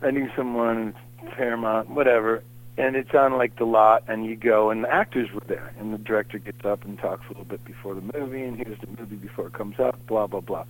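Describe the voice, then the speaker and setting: A man's voice: fairly low pitch, fairly quick, rough recording. A middle-aged man telling anecdotes in a casual, rambling way as an interview guest. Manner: animated, rambling anecdotes with lots of fillers.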